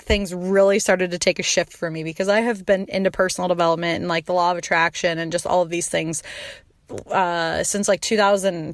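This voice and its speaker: A woman's voice: lowish voice, no echo, studio quality. A woman in her thirties hosting a podcast, telling a personal story in a casual, chatty way, full of "like" fillers and swearing, and acting out her own quoted lines. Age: 30s. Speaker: podcast host.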